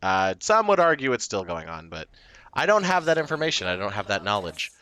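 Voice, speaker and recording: A man's voice: fairly low pitch, sing-song, a little fast, sharp tone. A man chatting casually to his stream viewers, rambling and self-deprecating, with plenty of fillers, restarts and short laughs.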